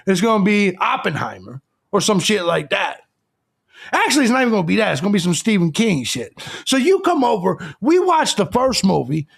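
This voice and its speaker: A combative man hosting a live stream, crudely lecturing his audience. His voice sits very high and swings widely in pitch. A gravelly fry runs under his words. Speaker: live show host.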